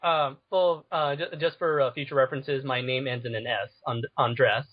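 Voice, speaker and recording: A man speaking as a guest on a casual podcast, in a measured way with stammered starts, over a muffled lo-fi recording. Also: mid-range voice, fairly even intonation.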